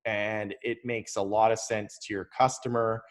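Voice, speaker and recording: A man casually walking through software on a screen share, talking loosely with fillers and restarts. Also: lowish voice, level tone, moderate pace. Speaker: software tutorial presenter.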